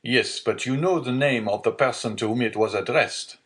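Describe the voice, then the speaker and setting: A man's voice: mid-range voice, moderate pace, fairly bright tone, pitched above the performer's own voice, close to an everyday voice. A man voicing a stern male deputy prosecutor in an audiobook, stiff and formal, giving orders.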